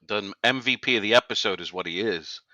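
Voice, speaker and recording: Bright-toned man pointing out references. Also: on the low side, fairly quick, no echo, highs cut off. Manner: knowledgeable, points out references, teasing. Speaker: podcast co-host. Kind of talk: casual TV recap chat.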